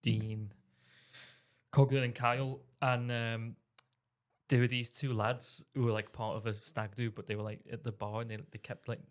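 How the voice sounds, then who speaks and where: A man's voice: mid-range voice, normal speed. A man co-hosting a podcast, telling a laughing anecdote in casual chat and voicing the people in it. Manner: lively, laughing anecdote with voiced-out characters. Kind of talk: casual storytelling.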